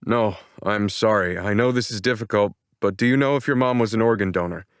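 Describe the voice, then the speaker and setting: A regretful hospital doctor, as a male narrator puts him on, slightly raised from the narrator's deep voice. His delivery is slow, measured and apologetic, with a smooth tone. Recorded close and dry. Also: dry recording, natural voice. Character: middle-aged male doctor, calm and regretful.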